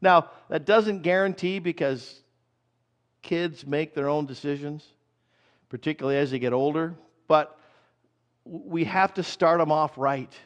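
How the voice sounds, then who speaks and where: Man preaching, slightly high voice. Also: smooth, lo-fi sound. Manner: conversational preaching, repeats key phrases slowly. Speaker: pastor. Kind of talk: sermon.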